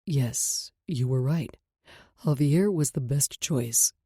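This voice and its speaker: A composed wealthy man in an audiobook romance, read by a woman, voiced low and steady, mellow and husky, each line measured and courteous. The reading sits in a dry, close space. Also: dry recording, full character voice. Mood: gentle.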